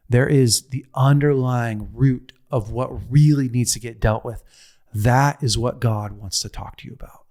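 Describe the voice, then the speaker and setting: A middle-aged man giving a heartfelt teaching talk, telling a personal story with repetition, restarts and a pace that swings from slow to rushed. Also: mid-range voice, darkish tone. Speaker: speaker on a men's ministry show.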